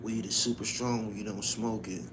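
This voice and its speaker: A man's voice: fairly low pitch, fairly even intonation, moderate pace, background noise. A man hosting his own channel, chatting casually and profanely, laughing often as he tells stories. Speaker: channel host. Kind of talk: casual livestream chat.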